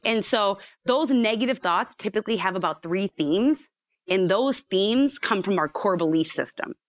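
A woman psychologist explaining ideas in a lively, chatty way, acting out the inner voices in her stories. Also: mid-range voice, normal speed, no echo, studio quality. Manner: animated storyteller, acts out inner voices. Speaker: psychologist guest. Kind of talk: casual explanatory chat.

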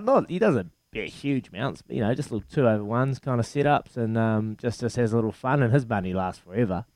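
Laid-back and laughing through his stories, a New Zealand man in his thirties, once a rugby player, is a guest on a radio show for a casual chat. His voice sits in the mid-range with a darkish tone, and there's no room sound.

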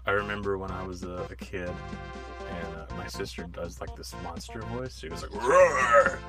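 A man's voice: low-pitched, steady tone, loud music behind the voice. A young man co-hosting a casual podcast, chatting and joking with frequent laughs. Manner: laughing, joking, quick asides. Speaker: podcast co-host. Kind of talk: casual chat.

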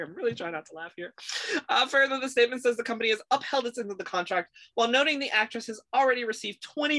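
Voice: medium pitch, bright, forceful tone, no room sound. A podcast host in casual chat, laughing often while loosely summing up a news story for the group.

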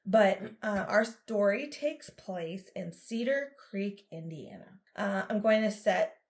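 A woman co-hosting a casual podcast with her mother, chatty and quick to laugh while she sets up a true crime story. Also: medium pitch, animated. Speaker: podcast co-host; daughter of co-host, telling a true crime story. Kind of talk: casual chat.

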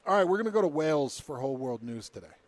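A radio host telling a news story and reading quotes, in a casual, lively storytelling manner. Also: male voice, on the high side, racing, no room sound. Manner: storytelling, reads quotes in a put-on British accent.

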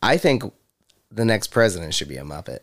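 A man's voice: on the low side, very animated, brisk, a bit bright. A man co-hosting a podcast in casual chat, rambling, laughing often and swearing freely. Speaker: podcast co-host.

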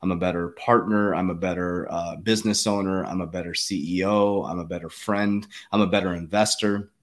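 A man with a very deep voice talks quickly in a casual chat. He speaks earnestly and with emphasis, stacking fillers and restarting his sentences. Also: fairly even intonation.

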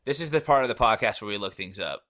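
Man, podcast co-host, bright tone, casual chat, jokey asides. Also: on the low side, animated, fast. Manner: reads facts aloud with jokey asides and laughs.

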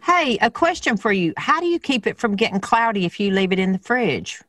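A woman's voice: mid-range voice, sing-song, brisk, a bit bright, no room sound. Dry-sounding Southern woman host. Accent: Southern American. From American South. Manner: chatty, asks eager questions. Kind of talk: casual chat.

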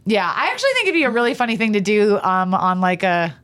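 A married woman in her thirties co-hosts a podcast in a teasing, playful tone, peppering her speech with filler words. Her pitch rises and falls in a lively way. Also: quick pace. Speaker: podcast co-host. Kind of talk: casual chat.

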